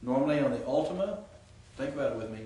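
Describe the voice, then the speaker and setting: This Greek grammar teacher talks fast and animatedly in a warm, mid-range voice, explaining rules and quizzing students amid frequent fillers. The sound is echoey, picked up from a distance in the classroom.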